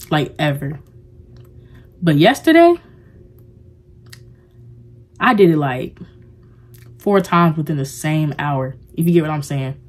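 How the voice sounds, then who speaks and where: A young woman speaks to her camera in a loose, confessional vlog. Her voice sits low for a woman. She rambles warmly, circling back with filler words as she opens up. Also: lively intonation, slow, pauses often. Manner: rambling and heartfelt, heavy use of "like". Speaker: vlogger. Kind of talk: casual confessional vlog talk.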